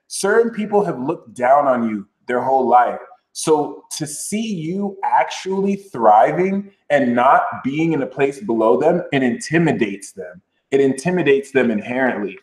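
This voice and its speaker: A man hosting a casual astrology livestream, talking loosely and playfully. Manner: animated, jumps into high sassy mock voices. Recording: roomy echo.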